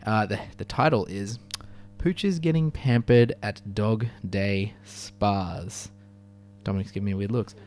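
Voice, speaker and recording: A man's voice: fairly low pitch, a little slow, a little mellow. A man co-hosting a student radio show, chatting casually in a rambling way full of fillers. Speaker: radio co-host.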